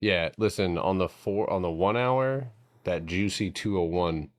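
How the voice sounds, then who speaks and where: A man's voice: sits low, a little slow, no room sound, clean studio sound. A man casually chatting through chart setups on a live stream, joking around and swearing freely as he thinks aloud. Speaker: stock trading streamer.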